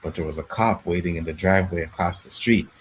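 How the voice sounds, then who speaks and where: Deep-voiced man telling stories casually. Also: fast, slight background noise. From Canada. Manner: animated storyteller, acts out quotes. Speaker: podcast host. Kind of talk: casual storytelling chat.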